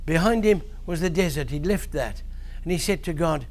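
Animated man telling kids a Bible story. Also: a little high, normal speed, slight background noise. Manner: animated storytelling, loud swings in voice. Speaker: preacher to children. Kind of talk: children's Bible talk.

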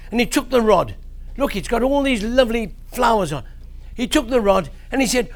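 A man preaching to children, telling a Bible story in an animated way with big swings in his voice. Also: extremely high pitch, normal speed, vocal fry.

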